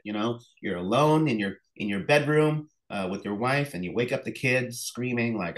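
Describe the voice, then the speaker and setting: A middle-aged man, an author and illustrator, talking as an interview guest, telling lively stories full of fillers and acted-out phone calls. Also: mid-range voice, moderate pace, few pauses, poor audio. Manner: animated storyteller, acts out phone calls, many fillers. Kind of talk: casual interview conversation.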